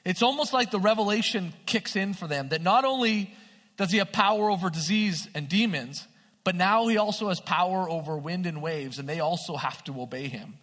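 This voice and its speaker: A man preaching a sermon in an animated way, often checking with his listeners through questions. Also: high-pitched, moderate pace. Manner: animated, asks the audience questions. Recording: long hall reverb.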